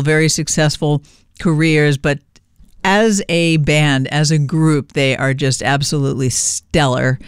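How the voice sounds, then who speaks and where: A woman radio DJ announcing songs and station news in a relaxed, chatty way, fighting a cough and stumbling a little. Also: low voice, clean tone, no room sound, clean studio sound. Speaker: radio DJ and host. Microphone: studio microphone.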